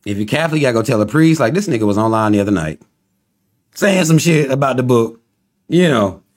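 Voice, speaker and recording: A man chats loosely to his livestream viewers and reads out their comments. He laughs often and teases in a mocking, rambling way. His voice sits at an ordinary middle pitch. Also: expressive, fast talker. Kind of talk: casual livestream chat.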